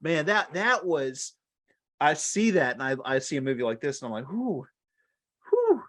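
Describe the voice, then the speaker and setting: A man in his thirties, co-hosting a casual podcast chat, telling stories with frequent laughs. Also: moderate pace. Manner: animated storyteller, laughs often, big pitch swings. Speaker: co-host.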